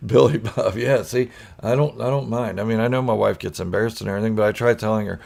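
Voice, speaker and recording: A man's voice: lowish voice, steady tone, moderate pace, vocal fry, darkish tone. A man hosting a casual live chat, goofy and laughing often while he answers viewers' comments. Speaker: channel host chatting with live viewers.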